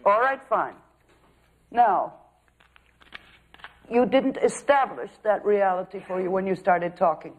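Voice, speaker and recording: A man's voice: sits high, slow, pauses often. A man, an acting teacher, giving direct coaching feedback with probing questions. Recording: thin phone-like sound.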